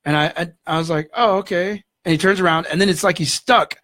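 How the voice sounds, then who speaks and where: A man, a guest in an interview, telling a story in an animated way and acting out the voices in it. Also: on the high side, fast talker, dry recording, studio quality. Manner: animated, acts out dialogue in the story.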